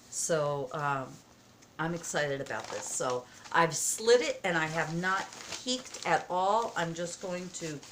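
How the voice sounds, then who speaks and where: A woman vlogging at home as she opens happy mail, excited, gasping and halting with many fillers. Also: on the low side, slight background noise. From United States. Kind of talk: casual vlog chat. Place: home, indoors.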